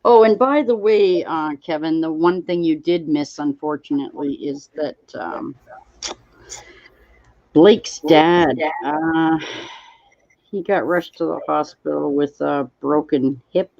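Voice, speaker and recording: A woman's voice: low-pitched, slow, gravelly, no room sound. Woman, live-stream host, casual chat, reads viewer comments, dry close sound, muffled lo-fi audio. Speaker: livestream host.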